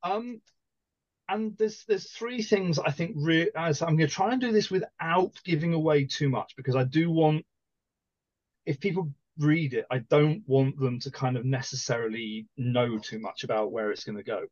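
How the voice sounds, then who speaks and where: A man's voice: on the high side, moderate pace, darkish tone, dry recording. Hesitant man, dry dull-sounding mic. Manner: hesitant, many fillers and restarts. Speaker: podcast co-host. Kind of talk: casual book discussion.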